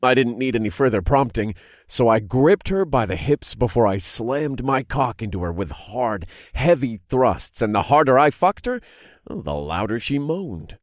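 A man narrating an adult audiobook in the first person, with an expressive reading that builds in intensity. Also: mid-range voice, measured pace, no room sound, studio quality.

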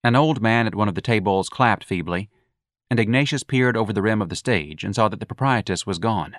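A male audiobook narrator with a fairly low voice that moves lively up and down as he tells the story. The reading is expressive and well paced. The recording is dry and close, with no room sound. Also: fairly quick, no room sound. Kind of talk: scripted narration.

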